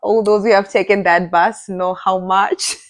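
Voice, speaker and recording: A young woman from Zimbabwe co-hosting a podcast in casual chat, animated and emphatic, often laughing. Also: medium pitch, unhurried. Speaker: podcast co-host.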